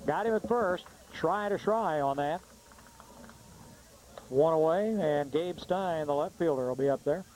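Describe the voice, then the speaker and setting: Brief: male commentator, slightly high, relaxed pitch-by-pitch calls, faint hiss. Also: a little slow, low-quality recording. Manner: easygoing, matter-of-fact calls. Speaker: color commentator. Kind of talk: baseball commentary.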